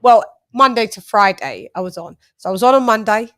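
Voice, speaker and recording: A young British woman hosts a boxing livestream in casual chat, laughing and shouting out viewers from the comments. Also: on the high side, big pitch swings, brisk. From United Kingdom.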